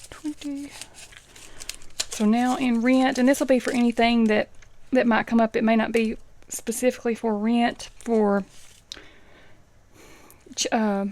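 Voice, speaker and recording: A middle-aged woman talks in a relaxed, casual way while she counts money out loud. She adds chatty asides between the counts, and now and then drops into a soft whisper. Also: a little high. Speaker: budgeting vlogger.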